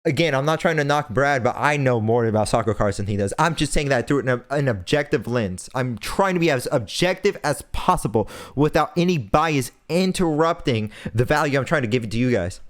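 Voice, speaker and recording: A man's voice: medium pitch, animated, fairly quick, few pauses. A young man hosting a podcast, delivering an impassioned, preachy rant and repeating phrases for emphasis. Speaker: podcast host.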